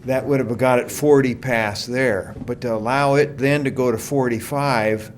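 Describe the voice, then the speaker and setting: A man's voice: mid-range voice, steady tone, moderate pace, a little hiss or hum. An older man, a great-grandparent, speaking plainly and rambling a bit during public comment at a council meeting.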